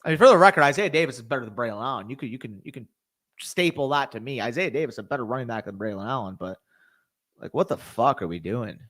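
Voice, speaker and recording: Fast and expressive, this young man's mid-range, slightly bright voice carries a casual live stream. He's tired and hiccuping as he reacts to what happens, chats with viewers, curses freely, and gets worked up.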